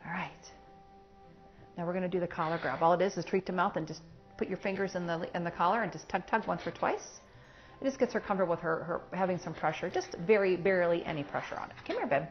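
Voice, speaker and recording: Brief: woman dog trainer, lowish voice, practical teaching, dull lo-fi recording with faint music. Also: steady tone, fast. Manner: practical, explaining while working a puppy. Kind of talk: hands-on training lesson. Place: in a home.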